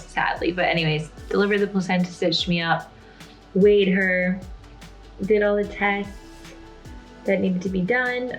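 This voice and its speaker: A woman vlogger telling a personal story to camera in a chatty, candid way, full of "like" and "um". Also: fairly low pitch.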